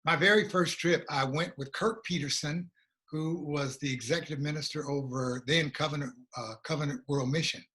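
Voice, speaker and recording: American guy telling his story, earnest and reflective, a bit high-pitched. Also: pushed and bright. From USA. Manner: earnest, reflective, slow at emotional moments. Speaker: guest, regional coordinator. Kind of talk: personal storytelling in a conversation.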